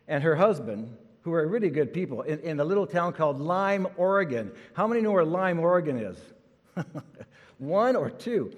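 An older man, a pastor, giving a chatty, folksy sermon full of stories and fillers. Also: fairly high pitch. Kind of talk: sermon with jokes. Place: church sanctuary. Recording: long church reverb.

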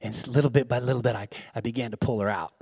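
A pastor preaching a sermon, moving from hushed, tender storytelling to loud, shouted exhortation. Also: male voice, medium pitch, fairly even intonation, racing, breathy edge, no room sound, studio quality.

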